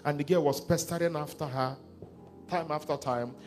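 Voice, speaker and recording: A man's voice: fairly high pitch, fairly even intonation, moderate pace, soft background music. A male pastor with a Nigerian accent preaching a sermon, leading his congregation in reading scripture aloud and retelling a counselling story.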